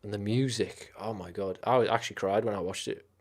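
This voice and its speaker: A man with a lowish voice talks loosely on a live stream and rambles from one film to the next. He swears freely and gets carried away with enthusiasm. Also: fairly even intonation, a little fast. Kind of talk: casual live-stream chat.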